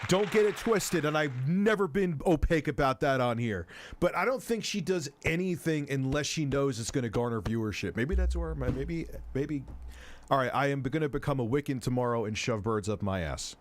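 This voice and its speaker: A man's voice: mid-range voice, lively intonation, moderate pace. Rambling, foul-mouthed male streamer. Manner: rambling, profane, self-interrupting. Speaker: host. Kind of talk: casual livestream commentary.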